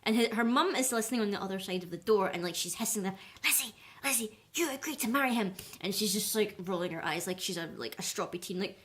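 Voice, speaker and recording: A woman's voice: mid-range voice, quick pace, few pauses. Chatty woman rambling through a film review. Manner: chatty, rambling, heavy use of "like" and "or whatever".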